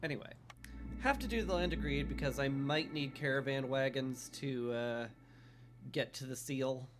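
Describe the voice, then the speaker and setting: A man streaming a strategy game live, talking through his choices in a relaxed, dryly joking way with frequent "uh" fillers. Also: mid-range voice, moderate pace. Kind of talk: casual live game commentary.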